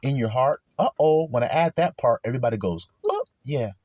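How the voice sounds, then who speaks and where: A man's voice: medium pitch, animated, fast, darkish tone, dry recording, muffled recording. A man preaching an informal sermon, confrontational and full of rhetorical questions, with coarse language.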